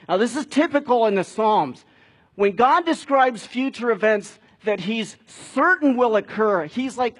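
A man's voice: high voice, expressive, unhurried, husky. A man preaching a sermon in a conversational way, building to emphatic peaks. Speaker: pastor.

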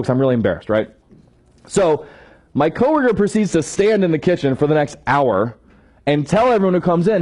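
A man sharing a personal story in a sermon, animated and self-deprecating, often tagging his sentences with questions. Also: fairly high pitch, a little fast. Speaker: church staff member sharing a testimony.

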